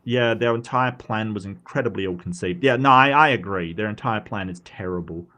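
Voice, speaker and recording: Casual Australian male stream host, lower pitch, animated and rambling. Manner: animated, quick pitch jumps, frequent fillers and restarts. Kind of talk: casual chat reading posts.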